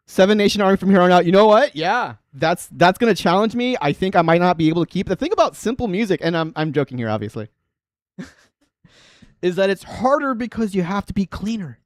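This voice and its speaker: With a brisk, animated delivery, a thirtysomething bass-playing host chats on his livestream, wandering off track, using many fillers, and laughing frequently. The recording is dry.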